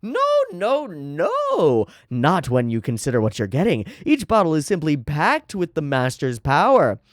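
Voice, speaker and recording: A man voicing a smarmy, pushy male salesman with a raised, wheedling pitch. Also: wildly swooping pitch, measured pace, no echo, studio quality.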